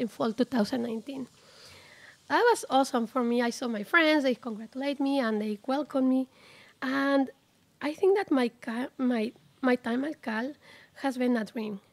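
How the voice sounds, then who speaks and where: A woman in her forties giving a heartfelt, halting graduation speech at a ceremony. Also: high voice. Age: 40s. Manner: heartfelt, emotional, halting with restarts. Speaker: graduating student speaker.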